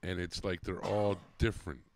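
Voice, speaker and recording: A man's voice: sits low, level tone, moderate pace, a little mellow. A man from New Jersey on a podcast who makes his case in earnest and backs it with figures. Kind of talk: casual podcast chat.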